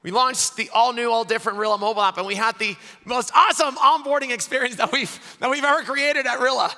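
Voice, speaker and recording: A high, bright-toned man delivers an excitable conference keynote from the stage. His voice rings with a forceful edge. Long reverb from a big hall trails every phrase. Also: quick pace. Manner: energetic, excitable, laughs often. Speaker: conference host giving closing remarks.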